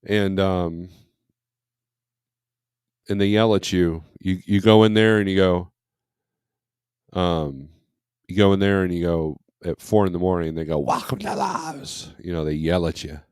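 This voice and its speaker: A man's voice: sits low, steady tone, a little slow, pauses often, darkish tone, clear, resonant tone, no room sound, studio quality. A man who drives trucks, hosting a casual morning livestream, reading viewer comments aloud and rambling in a blunt, conversational way with many fillers. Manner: blunt and opinionated when griping.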